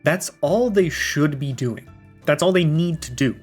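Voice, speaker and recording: A man's voice: a little high, expressive, unhurried, husky, faint music behind. A young man co-hosting a podcast, giving an opinionated, critical take in casual rambling speech. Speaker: podcast co-host. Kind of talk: casual chat.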